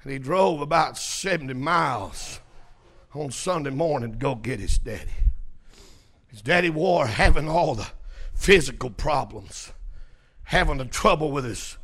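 A man preaching a sermon and telling a story, swinging from hushed tones to shouting. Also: medium pitch, expressive, unhurried.

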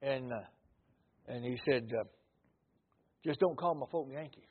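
Older Mississippi preacher, husky drawl. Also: male voice, unhurried. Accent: Mississippi Southern. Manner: storytelling, rises loud then drops low. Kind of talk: folksy sermon testimony. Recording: tinny phone-like audio.

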